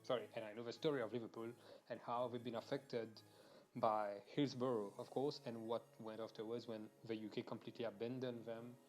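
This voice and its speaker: A man's voice: mid-range voice, a little fast. Ranting young man. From Mauritius. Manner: animated, swearing, restarts mid-sentence. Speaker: streamer. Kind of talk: casual ranting during a game stream.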